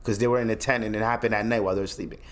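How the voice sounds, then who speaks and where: A man's voice: lowish voice, level tone, rapid-fire. A young man from Canada hosting his own podcast, ranting bluntly and profanely in casual solo commentary, often restarting his sentences. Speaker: podcast host.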